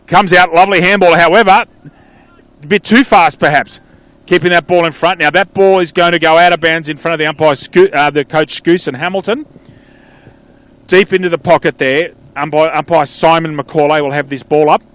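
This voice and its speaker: A man with an Australian accent calling a local football match live, chatty, with quick calls that trail off into asides. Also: on the high side, fairly even intonation, a bit bright, no room sound. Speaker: play-by-play commentator.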